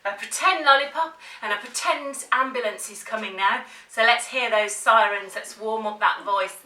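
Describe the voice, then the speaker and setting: A woman leading a child through a playful drama warm-up, coaxing and encouraging. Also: fairly high pitch, moderate pace, recorded from a distance. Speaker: drama teacher. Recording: roomy, from off the mic.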